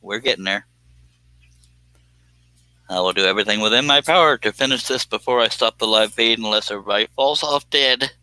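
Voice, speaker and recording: Sharp-voiced joking man. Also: on the low side, a little fast, pauses often. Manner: folksy, joking, self-deprecating. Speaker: woodworking live streamer. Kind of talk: casual live stream chat.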